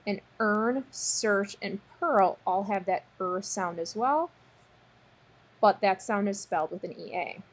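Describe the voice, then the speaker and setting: A woman's voice: medium pitch, unhurried. A woman teacher walking young students through a recorded spelling lesson, sounding out words patiently. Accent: American. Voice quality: breathy. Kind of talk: recorded word-sort lesson.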